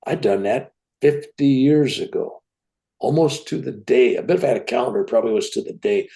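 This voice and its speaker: Gravelly older man telling a story. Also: medium pitch, fairly quick. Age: 70s. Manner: animated, tag questions like "right?". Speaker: guest. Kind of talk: personal storytelling.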